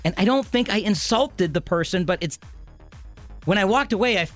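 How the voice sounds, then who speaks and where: Rambling, animated radio host man. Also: sits high, moderate pace, soft background music. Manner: rambling storyteller, self-interrupting. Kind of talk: casual radio banter.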